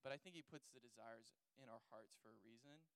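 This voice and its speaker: A young man speaks off the cuff on a panel, stacking fillers and restarting his thoughts. His voice is smooth and clear, recorded dry and up close. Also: mid-range voice, fairly quick, fairly bright tone, dry recording, low-quality recording. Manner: rambling, many fillers like "like" and "you know". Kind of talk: casual chat on faith and dating.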